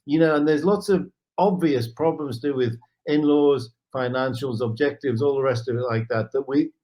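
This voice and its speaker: Man telling a lively story. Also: mid-range voice, moderate pace. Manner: animated anecdotal telling, lively asides. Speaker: guest, charity founder. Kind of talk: storytelling in an interview.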